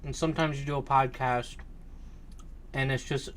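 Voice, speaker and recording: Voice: medium pitch, steady tone, normal speed, fairly bright tone. A podcast co-host in casual chat, easygoing and often laughing.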